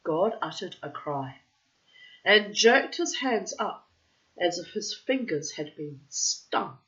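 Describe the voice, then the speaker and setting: A woman's voice: on the low side, animated, slow, fairly bright tone. A woman telling a story aloud, with chatty, self-mocking personal asides. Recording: dull lo-fi recording.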